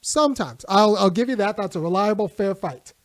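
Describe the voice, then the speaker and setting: A man's voice: sits high, expressive, brisk, dry recording, studio quality. A man hosting a political livestream, talking loosely with restarts and short laughs. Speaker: host.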